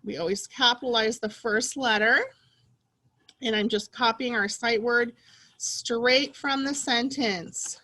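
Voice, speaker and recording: A woman teacher leading a slow, clearly spoken early reading lesson for young children, with exaggerated excited reading of practice sentences. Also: a little high.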